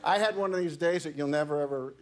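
A man telling a long anecdote as a talk show guest, restarting his sentences and laughing as he goes. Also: on the high side. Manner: halting storyteller, many restarts, laughs mid-story. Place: television studio.

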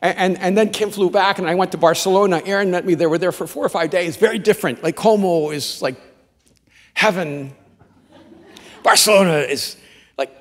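A man's voice: high-pitched, normal speed. Pastor guy preaching, tells rambly stories, lots of restarts, voice rings round a big hall. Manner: rambling, animated storytelling with many restarts. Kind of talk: sermon.

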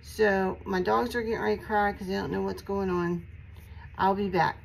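A woman's voice: medium pitch, little pitch movement, normal speed, gravelly, low-quality recording. Woman, casual crafting vlog, chatty, self-deprecating, phone mic, faint room hum. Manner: chatty, self-deprecating, talks to viewers while working. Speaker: resin craft video maker. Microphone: phone camera.

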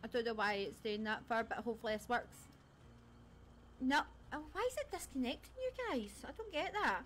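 A woman's voice: fairly high pitch, lively intonation, fairly quick, fairly bright tone, a little hiss or hum. A woman streaming a game live, chatting casually with viewers and friends, laughing often and a little scattered. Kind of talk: casual live-stream chat while gaming.

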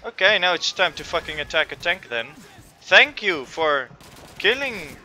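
A man's voice: sits high, big pitch swings, a little slow, sharp tone, a little hiss or hum. A man commentating on his own gameplay, frustrated and swearing constantly. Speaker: gamer. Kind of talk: let's play commentary.

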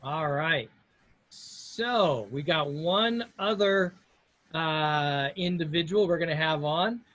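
A man's voice: on the high side, slow pace, a bit bright. A man hosting a casual video call chat, friendly and talking in restarts. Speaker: host.

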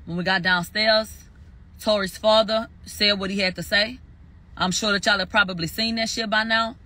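A man's voice: high voice, steady tone, normal speed, sharp tone. A man giving a heated spoken recap, emphatic and profane, repeating phrases for stress. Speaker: commentator recounting a court verdict.

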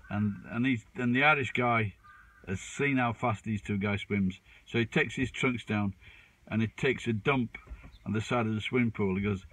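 A man's voice: fairly low pitch, fairly bright tone, a little hiss or hum, poor audio. A man in his fifties chatting casually to camera as a vlogger, rambling with restarts and poking fun at himself. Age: 50s. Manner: rambling, with frequent restarts and fillers.

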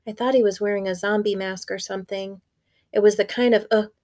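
A woman teacher reading a children's novel aloud with clear, expressive storytelling. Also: mid-range voice.

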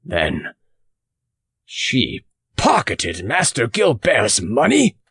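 A male audiobook reader voicing a blustering, hearty farmer who lectures with loud emphasis. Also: mid-range voice, huge pitch swings, extremely slow, gravelly, husky, no room sound, studio quality, heavily acted. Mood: emphatic.

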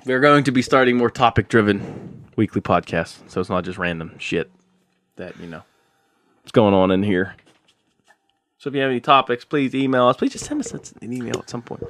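A young man co-hosting a podcast, musing out loud in a loose, rambling way with lots of fillers. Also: mid-range voice, expressive, moderate pace, dry recording. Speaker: podcast co-host. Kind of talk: casual chat.

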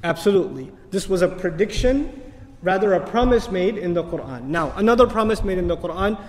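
A man giving an animated religious lecture as an Islamic teacher, telling stories and asking rhetorical questions. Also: sits high, fairly quick. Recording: long hall reverb.

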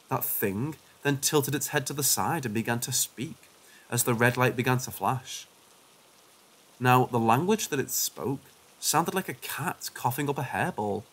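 Brief: male narrator, dramatic scripted paranormal storytelling, mid pitch. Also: fairly bright tone.

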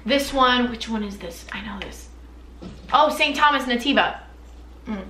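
A woman's voice: fairly high pitch, unhurried, sharp tone, reverberant. A young woman chatting casually and candidly about her perfumes for a vlog, full of fillers. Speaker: beauty vlogger. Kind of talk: casual chat.

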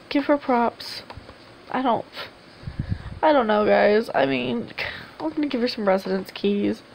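A woman's voice: on the high side, creaky, darkish tone, a little hiss or hum, rough recording. A woman giving casual, rambling commentary over her game and coaxing the characters aloud. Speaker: gameplay video host. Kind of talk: casual let's-play commentary.

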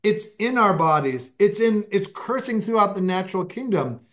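With a high voice, this podcast guest shares stories in a relaxed, lively interview manner, his tempo rising and falling.

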